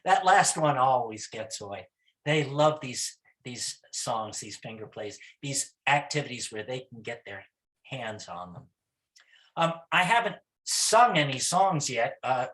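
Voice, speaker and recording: A middle-aged man, a music teacher, giving a gentle and encouraging talk on songs for young children. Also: mid-range voice, lively intonation, a little slow.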